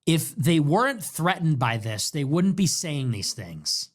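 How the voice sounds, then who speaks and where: A political livestream host speaks without hurry in a sing-song voice that runs a little high. In his monologue commentary he is repetitive, emphatic, and commanding.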